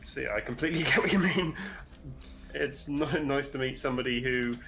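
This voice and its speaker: A man's voice: medium pitch, a little fast, creaky. A man from southwest England with a neutral accent, chatting casually on a livestream and laughing easily. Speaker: livestream co-host. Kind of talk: casual chat.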